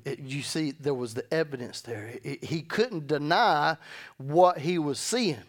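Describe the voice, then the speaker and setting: A man's voice: high voice, a bit bright. A man, a pastor, preaching a sermon and reading scripture in an emphatic, conversational way, often repeating words as he goes. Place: church service.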